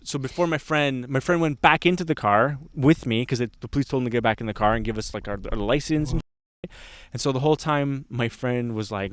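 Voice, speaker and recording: A man's voice: mid-range voice, fairly quick, clean tone, dry recording. A man telling a wild story in casual podcast chat, acting out the voices of the people in it. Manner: animated, acts out voices in his stories. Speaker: podcast host.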